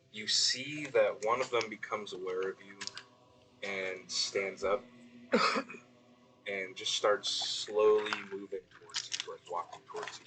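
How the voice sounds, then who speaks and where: A man's voice: fairly low pitch, background noise. A man narrating a tabletop game as game master, hesitant and full of ums and restarts.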